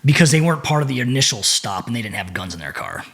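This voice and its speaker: A man's voice: medium pitch, fast talker, gravelly. A middle-aged man, a former Navy SEAL, recounting a story as a podcast guest, with plenty of swearing and restarted phrases. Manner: profane, animated, repeats words while telling. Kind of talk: casual storytelling.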